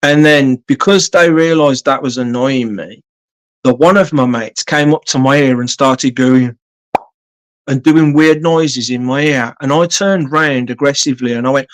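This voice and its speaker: Man, live stream storyteller, mid-pitched voice, sweary, rambling, full of fillers. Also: measured pace.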